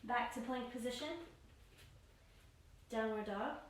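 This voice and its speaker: Woman yoga teacher for a guided class, high voice, steady pose-by-pose cueing, miked from a distance in a booming room. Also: takes it slowly. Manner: steady spoken cues for each pose and breath. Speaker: yoga instructor. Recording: very echoey room, voice far from mic.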